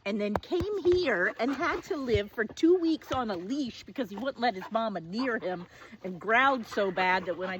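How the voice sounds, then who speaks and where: A woman's voice: mid-range voice, slight background noise. A woman in her forties telling a personal story in a vivid, self-mocking, conversational way, full of "like" asides. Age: 40s.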